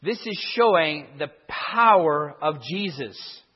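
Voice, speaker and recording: A man's voice: fairly high pitch, animated, slow, slightly rough. A man explaining a Bible passage verse by verse, with restarts and emphatic stresses. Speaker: Bible teacher. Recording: dull sound with a long hall echo.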